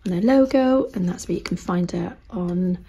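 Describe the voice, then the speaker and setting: A British woman vlogging casually as she shows craft items to the camera. She chats easily and often drops into soft, half-whispered asides. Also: on the low side, normal speed, slight background noise. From United Kingdom.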